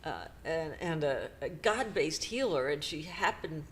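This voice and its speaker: A woman's voice: low-pitched, lively intonation, a little hiss or hum. Middle-aged woman telling an emotional story. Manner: halting, emotional retelling with nervous laughs. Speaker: podcast co-host. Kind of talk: personal storytelling.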